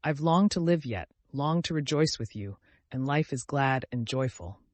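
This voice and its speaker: A man voicing a gentle, feverish dying young man who talks tenderly and with rapture, in an audiobook. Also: mid-range voice, animated, moderate pace, dry recording, natural voice. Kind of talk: audiobook character voice.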